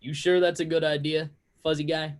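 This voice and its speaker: A game master voicing a wary male bartender who speaks in a dry, lowered tone. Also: little pitch movement, moderate pace, noisy background, natural voice.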